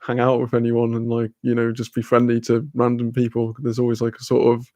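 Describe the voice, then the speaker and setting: A man's voice: mid-range voice, monotone, fairly quick, warm tone, no echo. A man hosting a livestream, casually reading the chat aloud, laid-back, laughing often and swearing freely. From Wales. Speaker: livestream host.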